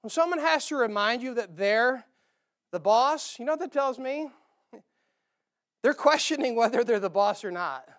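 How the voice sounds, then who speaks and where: A male pastor preaching a sermon, animated, acting out quoted voices and dropping into quiet asides. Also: very high-pitched, normal speed, pauses often.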